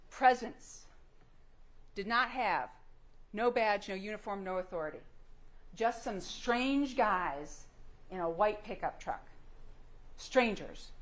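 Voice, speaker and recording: A woman prosecutor delivering a closing argument, pressing the jury with emphatic rhetorical questions. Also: fairly high pitch. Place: courtroom. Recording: echoey courtroom with faint hum.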